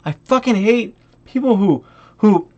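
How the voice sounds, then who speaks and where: A man's voice: a little slow, lo-fi sound. Man, non-native english, buzzed rant, heavy swearing, mocking and angry. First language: not English. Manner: animated, pitch jumping up and down. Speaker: vlogger. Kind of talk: buzzed profanity-laden rant.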